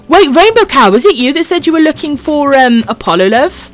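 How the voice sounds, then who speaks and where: A woman's voice: sits high, big pitch swings, fairly quick. A Welsh woman chatting on a live stream, her voice bouncing all over the place as she reads comments. She calls everyone darling, swears freely and giggles between lines, speaking into a desk microphone. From Wales. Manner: affectionate, swears freely, laughs often. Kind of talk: casual live-stream chat reading comments.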